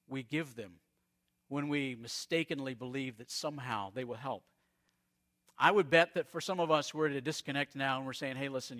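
Bright-voiced preacher man from Arizona. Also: mid-range voice. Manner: storytelling preacher, dramatic pauses and swings in loudness. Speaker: pastor. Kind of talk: sermon.

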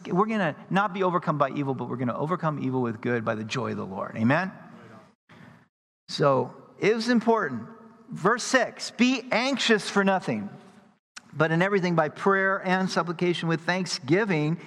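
Pastor, male, earnest sermon delivery, high voice, long reverb of a church hall. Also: fairly bright tone. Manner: earnest, repeats words when he restarts.

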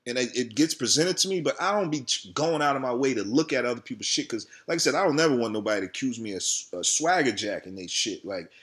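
A man's voice: mid-range voice, expressive, fast, few pauses, fairly bright tone, breathy edge. A man, ranting heatedly and profanely in a casual vlog about his channel. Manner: profane, heated, repetitive venting. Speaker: video creator.

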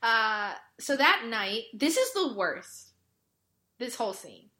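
A woman's voice: a little high, sing-song, takes it slowly, sharp tone. A woman retelling a show's episode in casual chat, exasperated and full of fillers. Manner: exasperated, filler-heavy storytelling. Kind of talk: casual chat recapping a show.

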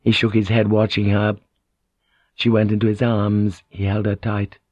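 A man's voice: lowish voice, completely flat delivery, moderate pace, darkish tone, dry recording, lo-fi sound. Man narrating an audiobook, dry. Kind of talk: scripted narration.

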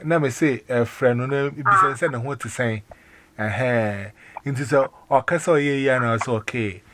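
A man with a Ghanaian accent in a casual phone chat, talking in an animated, rambling way with many restarts and exclamations. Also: mid-range voice, moderate pace. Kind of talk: casual phone chat mixing Twi and English.

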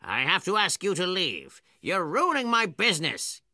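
An actor playing a blunt, money-minded male restaurant owner with a gravelly voice in a storybook radio drama. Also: high-pitched, huge pitch swings, moderate pace, pushed and bright, no room sound, studio quality, full character voice. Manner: blunt, grudging.

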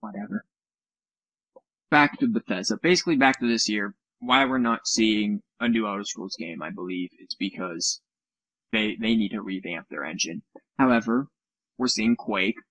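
A man's voice: lowish voice, lively intonation, moderate pace, a bit bright, no room sound, rough recording. A man co-hosting a casual gaming podcast, rambling and sarcastic, often correcting himself. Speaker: podcast co-host.

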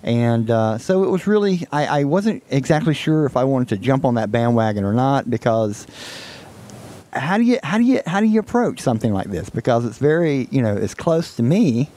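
A man hosting a casual podcast chat, talking haltingly with many fillers and restarts. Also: mid-range voice, big pitch swings, warm tone. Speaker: podcast host.

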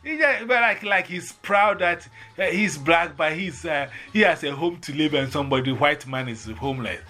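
A man's voice: a little high, normal speed. A man with a Ghanaian accent telling a bus story in casual chat, acting out the voices he quotes. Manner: animated, acts out quoted voices. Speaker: storyteller in conversation.

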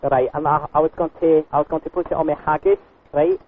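Man doing a pushy Scottish customer, fake brogue, rambling, high-ish voice over a tinny phone line. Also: fairly even intonation, fast talker, a little hiss or hum, close to an everyday voice. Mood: complaining. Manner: rambling, repetitive, slips into swearing.

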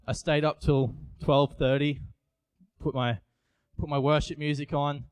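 A man's voice: medium pitch, clean tone, no echo. A young man, giving an earnest, confessional sermon with frequent restarts. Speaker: youth preacher. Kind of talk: personal sermon.

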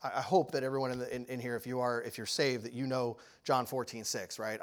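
A man preaching a sermon, telling a story with lively energy and often asking the audience questions. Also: mid-range voice, brisk, few pauses.

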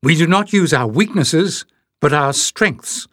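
A man's voice: medium pitch, animated, a little slow, no room sound, clean studio sound, lightly acted. A man reading an audiobook and voicing an earnest, wary young male hero who speaks with urgency. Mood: eager. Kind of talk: audiobook character voice.

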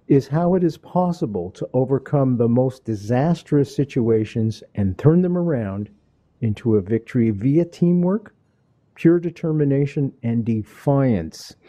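A man's voice: medium pitch, dark tone. A man hosting an interview show, talking enthusiastically like a showman and addressing his audience directly. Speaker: host.

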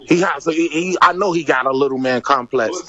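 A man with a high voice rambles, stumbling and repeating his words. The sound is dull and lo-fi, like audio from an old clip. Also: a little fast, fairly bright tone. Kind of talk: casual rant in a clip.

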